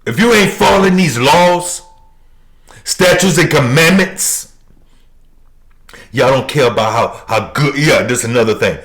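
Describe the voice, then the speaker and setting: A male preacher delivers a sermon at a deliberate, unhurried pace, his expressive pitch rising and falling widely. He emphatically repeats key phrases and swings from shouted lines to hushed, low ones.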